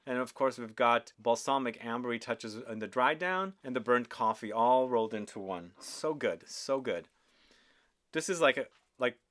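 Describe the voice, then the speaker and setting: A man's voice: mid-range voice, a bit bright. A man hosting a casual perfume review, talking with enthusiasm and often asking viewers questions. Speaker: fragrance reviewer.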